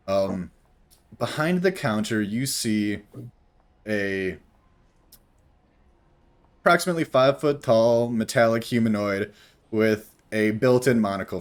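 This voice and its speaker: A young man narrating as game master in a casual tabletop session, rambling loosely with fillers. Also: lowish voice.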